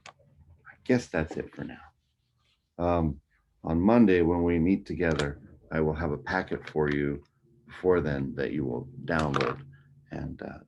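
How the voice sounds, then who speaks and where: Deep low guy giving an online music theory lecture, chatty, dull lo-fi sound. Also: warm tone. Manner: casual, hums and scats the melodies. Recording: dull lo-fi audio.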